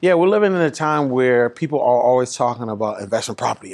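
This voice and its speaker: Gravelly, emphatic preaching man. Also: quick pace, hardly any pauses. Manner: emphatic, rises in pitch and volume to drive points home. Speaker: pastor and guest speaker. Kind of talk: animated preaching-style conversation.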